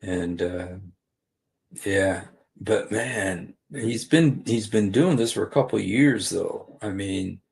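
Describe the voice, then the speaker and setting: A man's voice: fairly low pitch, slow, gravelly, a little mellow, a little hiss or hum. A man hosting a casual livestream, rambling with many fillers and restarts. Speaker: livestream host.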